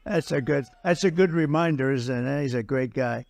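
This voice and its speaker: A man's voice: medium pitch, moderate pace, vocal fry, a little mellow. Man giving a blunt, mocking rally speech. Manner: blunt, mocking, repetitive, boastful asides to the crowd. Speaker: political candidate at a rally.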